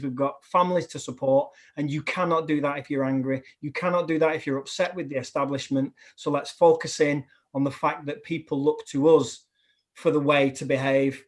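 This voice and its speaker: A man with a northern English accent, a primary head teacher speaking on a webinar panel in an upbeat, emphatic way. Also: a little high. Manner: upbeat, emphatic, repeats words when starting a thought. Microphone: remote video call.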